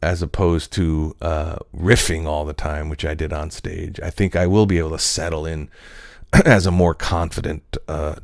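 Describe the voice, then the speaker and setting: A man's voice: very deep voice, fairly even intonation, normal speed, vocal fry, no echo, studio quality. A male comedian and actor in a casual reflective monologue, talking in a loose, rambling, profane way full of fillers.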